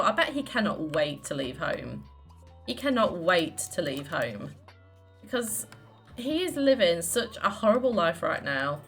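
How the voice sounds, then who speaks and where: A woman casually commenting on her life-simulation game, chatty and quick to exclaim, often voicing her characters' lines. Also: lowish voice, very animated, fairly bright tone, soft background music. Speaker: let's play host.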